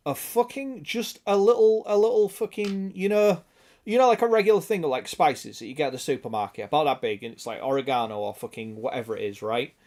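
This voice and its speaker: Sweary, chatty British man, fairly high voice. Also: a little fast, darkish tone. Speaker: streamer. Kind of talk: casual gaming stream chat.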